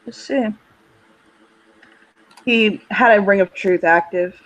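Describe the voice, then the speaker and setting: A man narrating a tabletop game as game master, hesitant, with many pauses and fillers. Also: high voice, fairly bright tone, rough recording.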